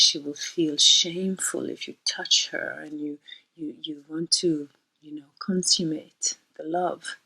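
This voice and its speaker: A woman astrologer tells a myth and muses on its meaning, rambling and reflective, with occasional breathy near-whispers. Her voice is husky and sits on the low side for a woman. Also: a bit bright, poor audio. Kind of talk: storytelling talk on myth and astrology.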